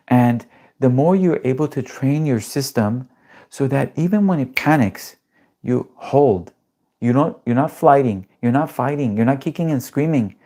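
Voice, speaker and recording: A nervous system coach giving a motivational talk with guided breathing, animated, swearing casually and asking rhetorical questions. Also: medium pitch.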